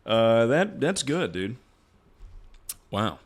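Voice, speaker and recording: Ranking things on his stream, a twentysomething man delivers profane, casual commentary extremely slowly. His medium-pitched voice moves through big pitch swings.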